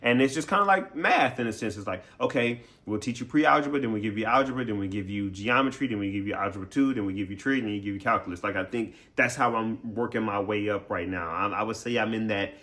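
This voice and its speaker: A man's voice: on the low side, quick pace, few pauses, sharp tone. A man streamer talking casually to his viewers in a playful, chatty way, laughing often. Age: adult. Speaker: game streamer. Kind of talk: casual recap talk to viewers.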